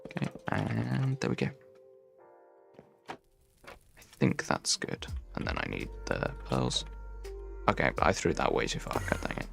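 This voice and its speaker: Young male streamer, Midlands English accent, very lively pitch swings, chatty and rambling. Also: measured pace, gravelly, pauses often, soft background music. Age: young adult. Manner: chatty, rambling, answers chat while building. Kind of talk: casual gaming livestream chat.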